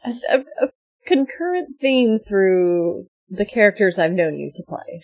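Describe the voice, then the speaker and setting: A woman's voice: mid-range voice, animated, no room sound, phone-quality sound. A woman in a casual podcast chat who laughs easily and throws in short remarks. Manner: amused, quick to laugh, short interjections. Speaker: podcast co-host.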